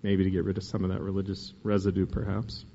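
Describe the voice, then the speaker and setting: A man hosting a casual interview, thoughtful and searching, often pausing with fillers. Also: deep voice, monotone, vocal fry, warm tone. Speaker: podcast host. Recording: dull sound with long reverb.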